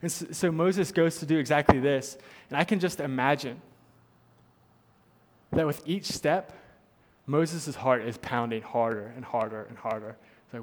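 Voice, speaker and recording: A man's voice: medium pitch, normal speed. Earnest preacher man, hall reverb. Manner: earnest, repeats points for emphasis. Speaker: pastor. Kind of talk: sermon.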